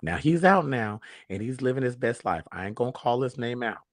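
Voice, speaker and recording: A man hosts a talk show in a sassy, sermon-like manner, calling his listeners baby. His voice sits at a middle pitch. The sound is dry and close. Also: expressive, brisk, no echo. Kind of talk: casual talk show monologue.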